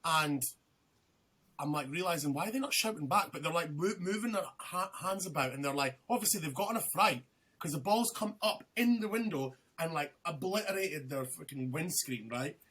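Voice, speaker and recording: Young guy on a podcast, rambly storytelling, swears a lot, bright sharp voice. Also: fairly high pitch, lively intonation, normal speed, husky. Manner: rambling, swears freely, lots of fillers and restarts. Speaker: podcast guest. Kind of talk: casual storytelling chat.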